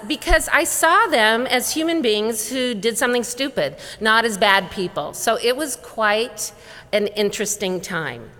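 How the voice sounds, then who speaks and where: A middle-aged woman speaks at a conference as a wellness educator. She is a lively storyteller who acts out the back-and-forth of dialogue, and her voice sits at an ordinary pitch for a woman. Her voice carries the long reverb of a large hall. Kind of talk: storytelling keynote talk.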